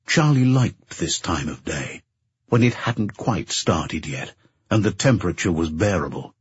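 A man narrating an audiobook in a measured, even storytelling manner. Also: sits low, husky, dry recording. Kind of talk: scripted narration. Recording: dull dry narration recording.

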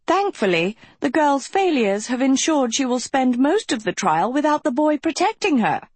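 A woman's voice: sits high, big pitch swings, normal speed, a little mellow, husky, no room sound, pitched above the performer's own voice, full character voice. Woman voicing menacing, cold evil schoolmistress. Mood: coldly scornful. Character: stern commanding female evil teacher.

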